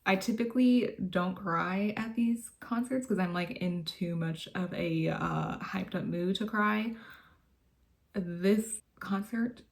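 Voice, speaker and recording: A woman's voice: mid-range voice, slow pace. A woman vlogger chatting casually from her bedroom, gushing and laughing often as she talks. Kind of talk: casual chat.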